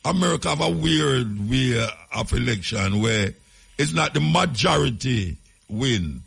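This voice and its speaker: A man's voice: mid-range voice, expressive, measured pace, gravelly, fairly bright tone, breathy edge. A man with a Jamaican accent hosting a casual radio talk show, talking in chatty patois with laughing asides.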